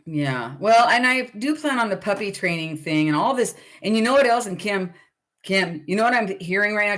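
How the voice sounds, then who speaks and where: A woman's voice: on the low side, fairly quick, a bit bright. A middle-aged woman hosting a casual live chat with viewers, rambling and chatty with lots of fillers.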